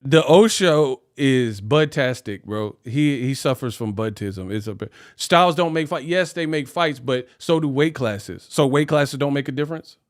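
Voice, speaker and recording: A man's voice: mid-range voice, normal speed, hardly any pauses. A man hosting a live stream, ranting animatedly in casual talk and laughing often. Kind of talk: casual reaction rant.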